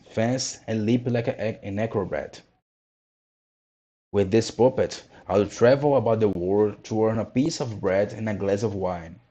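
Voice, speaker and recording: Lively old man, fiery temper, brisk, mellow low voice, storybook figure, man reading. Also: muffled recording.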